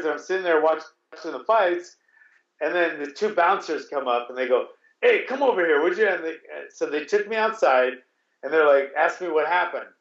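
A man's voice: fairly high pitch, a bit bright. Man rambling through a story, roomy dull sound. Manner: rambling, with restarts and swearing. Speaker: guest telling a story. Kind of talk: casual storytelling.

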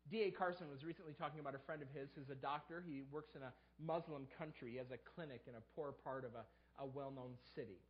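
A pastor with a slightly high voice preaches at a quick pace, barely pausing, on audio with the highs cut off. His voice rises sharply whenever he plays out people's excuses as quotes.

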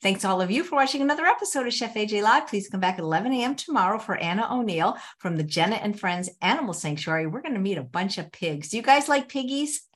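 Female host, mid-pitched, gushing and friendly, wraps up the show. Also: expressive, quick pace, few pauses. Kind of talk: live show hosting.

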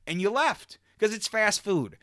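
Bright-voiced man telling a story, swearing bluntly. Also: high-pitched, big pitch swings, measured pace. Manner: profane, blunt, laughs while telling the story. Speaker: podcast co-host. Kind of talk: casual chat, telling a story.

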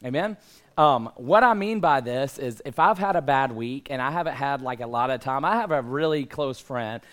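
A pastor in his thirties preaches a casual, conversational sermon to a congregation in a church hall, slightly out of breath as he builds to emphatic calls. His voice is medium-pitched, animated and a bit bright, at normal speed.

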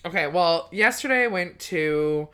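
A woman's voice: lowish voice, expressive, unhurried, pushed and bright. A woman from British Columbia, Canada, co-hosting a comedy podcast in a chatty, sarcastic way and swearing freely. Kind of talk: casual chat.

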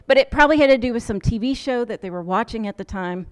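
An American social work professor tells a travel story in a conversational lecture, acting out the people she quotes in lively voices. Her voice is on the high side, and she talks fast.

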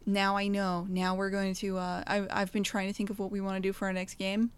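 A woman's voice: mid-range voice, level tone, a little fast, clean tone. A woman co-hosting a podcast in casual chat, rambling and joking with lots of fillers. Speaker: podcast co-host, game developer.

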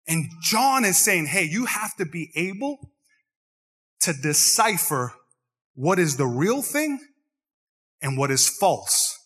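Man, pastor, animated sermon, bright forceful voice, high pitch. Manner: animated preaching, jokes with the crowd, singsong rises. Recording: long hall reverb.

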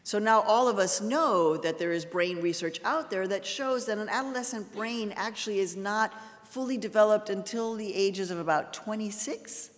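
A woman's voice: medium pitch, normal speed, few pauses. A woman giving a public lecture, telling a story in an earnest way and raising her voice for emphasis. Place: large lecture hall. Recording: long hall reverb.

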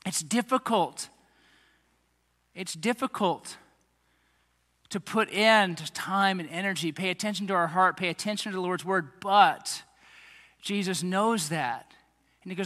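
A man preaching a sermon to a young congregation, animated and speaking straight to them. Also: high-pitched, measured pace, pauses often, long reverb tail. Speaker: pastor.

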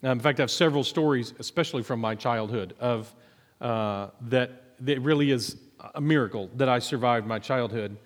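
A man's voice: medium pitch, moderate pace. Chatty man telling stories in an echoey hall. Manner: conversational, self-deprecating storytelling with many fillers. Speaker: minister and psychologist. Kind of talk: sermon testimony.

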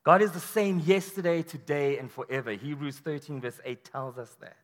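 High-voiced man preaching in a reverberant hall. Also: moderate pace. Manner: animated storytelling, acts out quoted voices. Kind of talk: sermon. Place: large hall or church.

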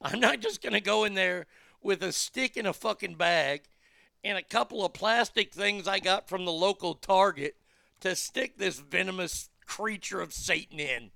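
A man's voice: sits high, creaky, pushed and bright, no room sound, studio quality. A man hosting a talk show, ranting bluntly and swearing casually as he riffs on the news. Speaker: radio talk show host. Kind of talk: profane casual monologue.

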